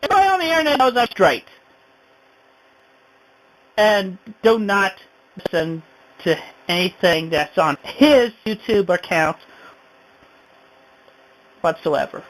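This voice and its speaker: A woman's voice: mid-range voice, lively intonation, measured pace, long pauses, low-quality recording. A woman vlogging an indignant, rambling rant, sighing often. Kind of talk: ranting home vlog.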